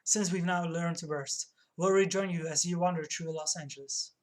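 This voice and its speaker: A woman's voice: on the low side, fairly even intonation, moderate pace, a little mellow. Woman streamer reading game text aloud.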